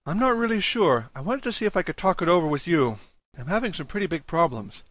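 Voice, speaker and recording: A strained, tearful young man begs for help in a raised, bright tone, as a male audiobook reader puts him on. The reading is recorded dry and close, with no room sound. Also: a little high, very animated, quick pace, no echo, voice pushed up. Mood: pleading. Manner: strained, near tears. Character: anxious young man, desperate, pleading for help.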